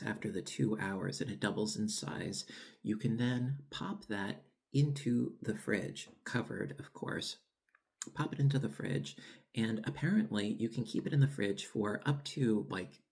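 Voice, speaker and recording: This man's voice is fairly low, creaky, and darkish as he hosts his home baking show. Tasting and savoring his bread, he chats casually and meanders, full of restarts and filler words, in classic cooking-vlog fashion.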